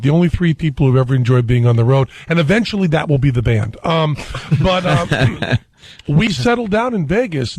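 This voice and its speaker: A middle-aged man, a guest on a talk radio show, telling rambling, animated stories on a studio mic. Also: fairly high pitch, dry recording.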